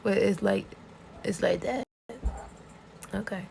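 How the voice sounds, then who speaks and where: Gravelly woman ranting about a comic. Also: fairly low pitch, moderate pace, slight background noise. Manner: excitable and profane, storytelling with gasps and outbursts. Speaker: vlogger. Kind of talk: casual rant retelling a webcomic.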